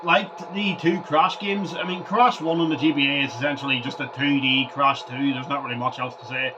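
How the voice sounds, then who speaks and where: A man's voice: mid-range voice, steady tone, fairly quick, highs cut off, noisy background. A man vlogging over gameplay in a rambling casual way, often stumbling and repeating words. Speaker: gaming vlogger.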